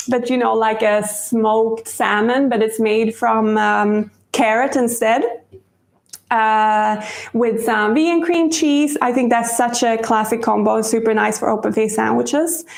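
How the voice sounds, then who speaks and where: Chatty woman with a gravelly voice. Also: a little high, roomy sound. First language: Swedish. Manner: chatty, rambling, laughs often. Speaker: cooking show host. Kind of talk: casual live-stream baking demo.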